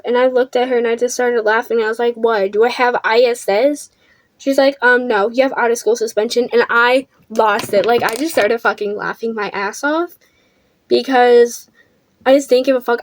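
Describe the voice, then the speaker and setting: High-voiced, swearing teen girl vlogger. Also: dry recording. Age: teens. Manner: blunt, profane, defiant. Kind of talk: storytime vlog. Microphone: camera under a ring light.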